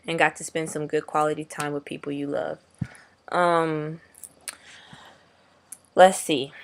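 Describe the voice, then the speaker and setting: A young man vlogging casually, rambling in slangy, profane talk. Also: on the high side. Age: young adult. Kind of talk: casual video diary.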